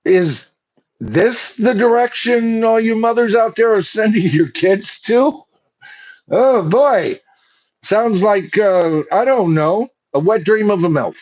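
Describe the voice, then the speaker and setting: A sarcastic older man delivers opinionated commentary at a slow, deliberate pace, his voice sitting a little high for a man. He mocks what he reads aloud. The recording sounds dull and lo-fi. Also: darkish tone. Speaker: host.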